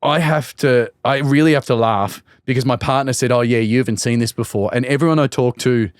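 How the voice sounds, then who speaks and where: A man's voice: mid-range voice, fairly quick, no echo, studio quality. A man with an Australian accent, a comedian guest telling funny stories in a casual podcast chat and acting out quotes. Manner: storytelling, acts out quotes in put-on voices.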